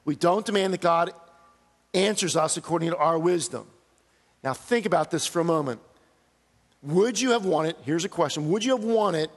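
A middle-aged pastor preaches with earnest emphasis, his voice lifting as he reads out pleading verses. He is a man with a fairly high-pitched voice. The sound carries a long reverb from a big sanctuary. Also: normal speed. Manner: earnest, preaching with rising emphasis on quoted cries. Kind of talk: sermon.

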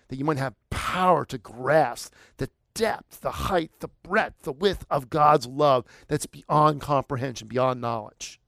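A man's voice: mid-range voice, gravelly, dry recording, clean studio sound. A man preaching a sermon in a conversational way, building to emphatic, rising bursts. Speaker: pastor.

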